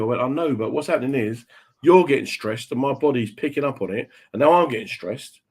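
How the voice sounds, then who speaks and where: A male host trades road stories in a relaxed radio chat. His pitch sits in an ordinary middle range, and he slips into other people's voices when quoting them. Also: brisk, slightly rough. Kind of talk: casual chat, telling stories.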